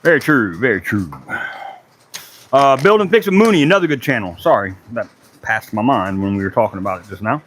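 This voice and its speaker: With a mid-range, expressive voice that's a bit bright, a woodworking livestream host from Charleston, South Carolina talks fairly quickly to his viewers while working in his woodshop. He has a Gullah Geechee accent, keeps it casual, and swears now and then. Slight background noise is audible.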